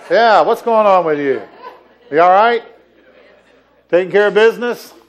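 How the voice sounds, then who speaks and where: A man's voice: high-pitched, animated, normal speed, a faint crowd. A man giving a sermon as the church's minister, playful and jokey, often chuckling as he talks to the congregation. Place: church sanctuary.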